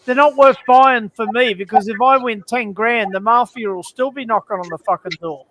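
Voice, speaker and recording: A man with a fairly high voice and a dry, close sound tells crude jokes at length. His storytelling rambles and takes its time. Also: normal speed, a bit bright, no room sound, low-quality recording. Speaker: stream guest. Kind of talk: casual chat, crude joke telling.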